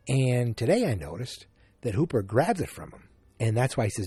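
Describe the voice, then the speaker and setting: A man's voice: mid-range voice, sing-song, a little fast, dark tone, slightly rough, dry recording. A man hosting a casual solo podcast, thinking aloud and rambling with restarts. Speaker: podcast host.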